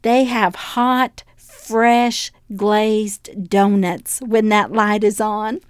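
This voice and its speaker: A woman's voice: mid-range voice, steady tone, extremely slow, clean tone, no echo, studio quality. An older woman hosting a devotional podcast, teaching and telling homey stories in which she acts out the voices of the people in them. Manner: warm storytelling, acting out voices in her anecdotes. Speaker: podcast host and preacher.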